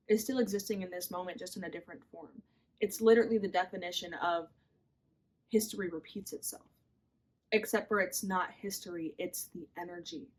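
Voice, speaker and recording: A young adult woman hosting a podcast, talking candidly and a little rambly about her own life in a confessional monologue, often saying "like" and "literally.". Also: medium pitch. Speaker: podcast host.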